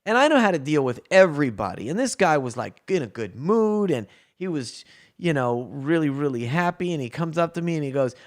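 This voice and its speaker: A man telling a story in casual chat, animated, acting out the people he quotes. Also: a little high, fairly quick.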